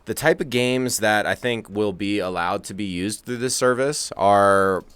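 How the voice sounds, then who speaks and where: A man co-hosting a relaxed podcast with a smooth, resonant voice. The sound is dry and close, with no room around him. He talks in a loose, rambling way and laughs easily. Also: fairly low pitch, a little slow, no room sound. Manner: laid-back, chuckling, rambling asides. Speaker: co-host. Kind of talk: casual podcast chat. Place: home studio, remote from co-host.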